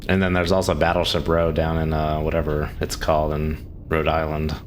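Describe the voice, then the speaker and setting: Very deep-voiced male streamer. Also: fairly quick, a little hiss or hum. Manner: chatty, reads and answers chat questions; relaxed, frequent chuckles. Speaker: game streamer. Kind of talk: casual live-stream commentary.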